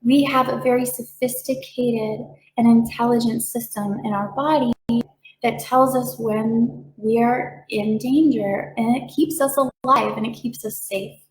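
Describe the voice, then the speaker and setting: Reiki lady talking gently, kinda high voice, reassuring, bit of room echo. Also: a little slow. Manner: calm, reassuring, with playful voiced asides. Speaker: reiki practitioner. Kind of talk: gentle explanatory talk.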